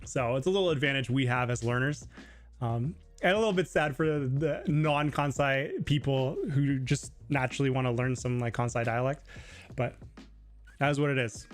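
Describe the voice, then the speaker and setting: A man hosting a casual live Q&A stream, talking loosely with lots of fillers and sometimes mimicking other people in a high voice. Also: normal speed, faint music behind. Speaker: livestream host.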